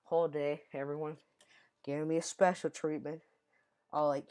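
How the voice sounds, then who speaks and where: A man's voice: fairly high pitch, normal speed, a little mellow. A young man telling a childhood story in a casual, rambling way, often correcting himself mid-sentence. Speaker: storyteller vlogger.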